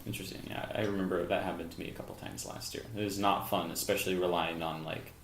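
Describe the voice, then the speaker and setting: A young man co-hosting a casual podcast, chatty and musing, quick to laugh. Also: sits low, echoey room, slight background noise. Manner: animated, laughs easily, musing. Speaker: podcast co-host. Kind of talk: casual chat.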